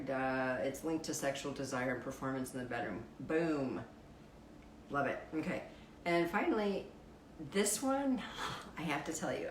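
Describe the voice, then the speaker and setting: A woman with a deep, raspy voice hosts a casual live stream, reading out fun facts and viewer comments wryly and playfully while swearing freely. The room echoes and there's background noise.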